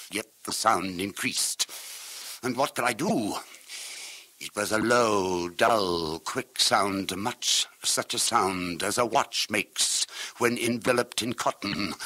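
A man performs a dramatic literary reading in a bright, forceful voice. His diction is crisp and precise with a rolling rhythm. He swings between hushed murmurs and loud, declaiming passages. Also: mid-range voice. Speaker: reader of classic verse and tales.

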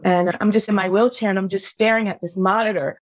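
A middle-aged woman, a podcast guest, telling a painful personal story in an earnest, heartfelt way, halting at the hardest moments. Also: mid-range voice, fairly even intonation, no room sound.

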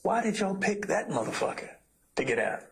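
A man's voice: sits high, big pitch swings, fairly quick, creaky, fairly bright tone, slight background noise. A man working as a police detective in an interview room, pressing with blunt questions laced with casual profanity.

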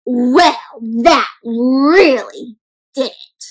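A woman doing an interactive read-aloud of a picture book for children, expressive, gasping and asking the kids questions. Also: a little high, unhurried, slightly rough, poor audio. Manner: expressive, often gasps, asks kids questions. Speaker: children's storyteller.

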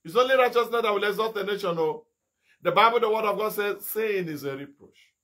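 A middle-aged man from Nigeria preaching a fiery sermon as an evangelist, firing rhetorical questions and bursting into shouted rebukes. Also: sits high, lively intonation, fairly quick.

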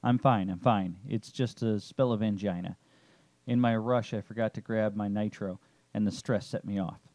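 A man voicing a raspy, caring old father figure in a narrated story. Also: fairly low pitch, steady tone, normal speed, warm tone, no echo, natural voice. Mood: relieved.

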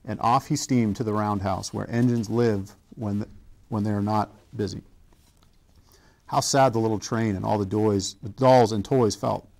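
Brief: deep-ish gravelly male reader, gentle children's read-aloud, unhurried. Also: fairly even intonation. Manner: slow gentle storytelling with small stumbles. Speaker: coach.

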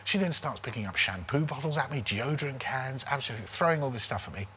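A man in his forties, a comedian guest telling a comic story in a lively, casual way, often checking in with "right?". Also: mid-range voice, fast, a little hiss or hum. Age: 40s. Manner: animated, keeps tagging lines with "right?".

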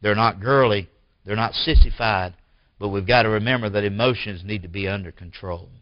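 A man preaches to his congregation in a low, deep register. He rises into forceful, emphatic bursts, then drops to hushed lines. The recording is dry and dull, with a lo-fi edge. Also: a little fast, no echo. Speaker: pastor. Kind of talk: sermon. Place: church.

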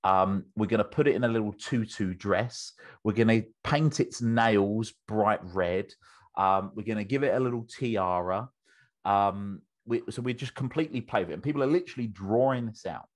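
A man's voice: on the low side, normal speed. A British man, a business coach, explaining a method with enthusiasm as an interview guest, often restarting his sentences.

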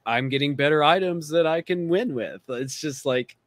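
A man's voice: on the high side, moderate pace, no room sound. A man hosting a casual podcast chat who laughs often while joking. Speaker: podcast host.

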